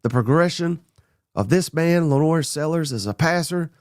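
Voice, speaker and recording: Excitable man, dry close mic. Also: on the high side, dry recording. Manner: blunt, excitable, runs through names rapid-fire. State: a little under the weather. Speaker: podcast host. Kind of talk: casual sports talk monologue.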